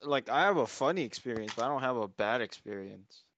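A young man, a podcast co-host, telling a casual story in loose slang with halting restarts. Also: mid-range voice, animated, fairly bright tone, a little hiss or hum. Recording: dry, dull lo-fi sound.

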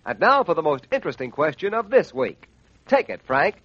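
A man announcing on a radio show, reading a brisk hard-sell advertisement, on a dull lo-fi 1940s radio recording. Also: on the high side, very animated, slightly rough, no room sound. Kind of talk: radio ad read.

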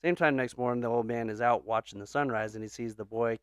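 A man co-hosting a podcast, telling a joke in a relaxed way and laughing often. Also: mid-range voice, fast talker, clean tone, no room sound, studio quality. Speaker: podcast co-host. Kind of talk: casual chat, joke telling.

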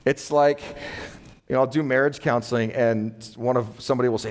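A middle-aged man preaching a sermon in a relaxed, conversational way, acting out everyday exchanges. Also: medium pitch, a little fast. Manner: conversational, acts out quoted exchanges with laughs. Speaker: pastor.

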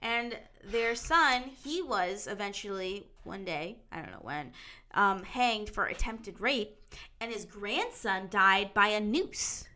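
Bright-voiced giggly woman telling a story. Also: mid-range voice, slow. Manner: giggly, crude, animated storyteller. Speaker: podcast co-host. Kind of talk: casual chat, storytelling.

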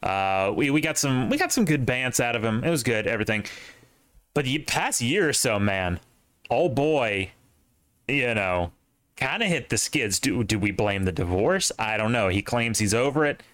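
A man's voice: medium pitch, big pitch swings, moderate pace, a bit bright, dry recording. A young man hosting a podcast in casual chat, rambling with restarts and asides. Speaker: podcast host.

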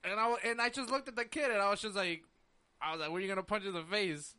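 Bright, high-voiced young man telling a story. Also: fast talker, clear, resonant tone. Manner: animated storyteller acting out quotes, lots of "like". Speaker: podcast host. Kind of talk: casual storytelling chat.

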